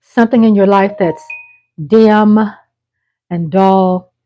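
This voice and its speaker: A middle-aged woman hosting a live stream, chatting casually in a rambling way with frequent pauses and restarts. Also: mid-range voice, steady tone, dull audio.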